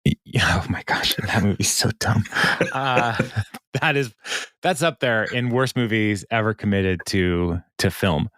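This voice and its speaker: A man's voice: on the low side, measured pace, a bit bright, no room sound, studio quality. A man co-hosting a podcast, casually recapping a TV episode with lots of fillers and laughs. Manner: rambling, many fillers, laughs often. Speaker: podcast co-host.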